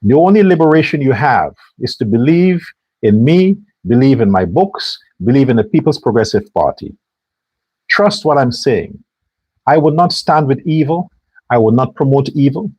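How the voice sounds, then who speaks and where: A man's voice: mid-range voice, animated, normal speed, a little mellow, husky, no echo. A man hosting a political commentary show, delivering a sarcastic and preachy rant. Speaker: host.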